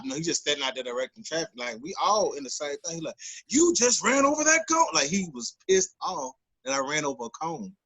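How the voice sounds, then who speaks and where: A man tells a story on a casual podcast. He gets animated and loudly acts out the people he quotes. His voice sits in an ordinary middle pitch. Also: slightly rough, rough recording. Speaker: podcast co-host.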